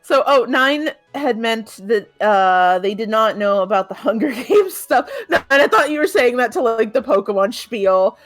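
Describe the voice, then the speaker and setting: A young woman co-hosts a video game stream, teasing her friend and reading out viewers' comments. Her voice sits a little high. It sounds close and dry. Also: lively intonation, moderate pace, few pauses, dry recording, soft background music. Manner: chatty, teasing, laughing. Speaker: co-host reading chat. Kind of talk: casual gaming commentary.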